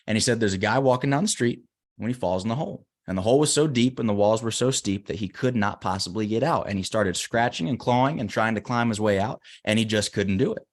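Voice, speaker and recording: A man's voice: on the low side, quick pace. A man as an interview guest telling a story and giving emphatic motivational advice. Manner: earnest, emphatic.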